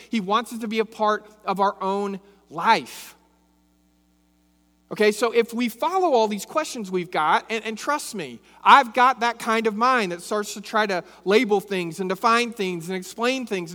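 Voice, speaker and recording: High-voiced man preaching in a reverberant hall. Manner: expressive, rhetorical questions, repeats phrases. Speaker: pastor. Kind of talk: sermon with scripture reading.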